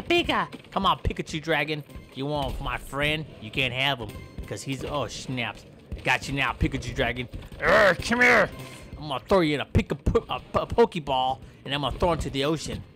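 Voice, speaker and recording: A man giving loud, goofy commentary while he plays a video game, taunting and yelling at in-game animals. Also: medium pitch, a little fast, music in the background. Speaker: gameplay commentator.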